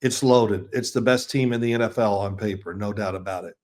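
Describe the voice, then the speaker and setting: Speaking briskly in a fairly low, slightly mellow voice, a football analyst in his sixties shares loose, talkative anecdotes during a casual interview. He chuckles and starts over now and then.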